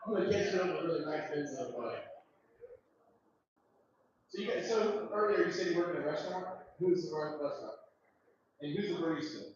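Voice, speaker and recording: A man hosting an open mic and doing crude, animated stand-up. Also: a little high, brisk, long pauses, recorded from a distance, a little hiss or hum. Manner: crude, animated, loud storytelling. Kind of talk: stand-up comedy set. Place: comedy club open mic. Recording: echoey room from afar, dull lo-fi.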